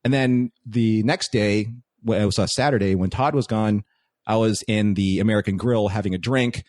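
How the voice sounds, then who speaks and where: A man, a guest on a podcast, telling stories in casual chat with animated delivery. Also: lowish voice, normal speed, no room sound, clean studio sound. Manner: animated storytelling.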